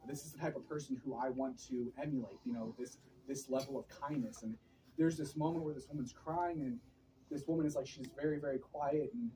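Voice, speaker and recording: A man in his thirties telling lively, laughing stories about his late mother at a memorial gathering. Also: medium pitch, brisk. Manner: animated, laughing anecdotes. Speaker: eulogy speaker. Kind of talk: storytelling at a memorial. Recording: distant and noisy room recording.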